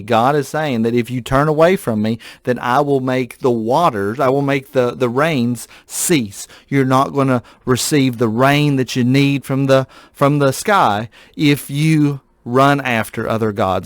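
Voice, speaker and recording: A man's voice: mid-range voice, dry recording, clean studio sound. Earnest male pastor reading scripture. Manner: earnest, reflective, with frequent restarts. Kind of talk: Bible reading with commentary.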